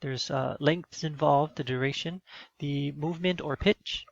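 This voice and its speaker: A man's voice: on the high side, measured pace, creaky, no room sound, dull audio. A man giving a recorded teaching demo, explaining in an instructional way with some fillers.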